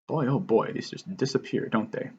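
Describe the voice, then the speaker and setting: A man's voice: mid-range voice, moderate pace, darkish tone, husky, dull audio. A man hosting a writing lesson over slides, casual and self-deprecating. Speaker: writing teacher and host.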